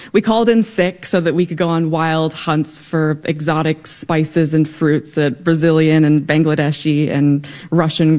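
Young woman, lower voice, performs a funny personal story live. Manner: wry, lively, comic timing.

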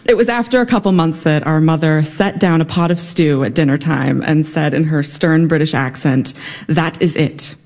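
Young woman, lower voice, performs a funny personal story live. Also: moderate pace, few pauses. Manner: wry, lively, comic timing.

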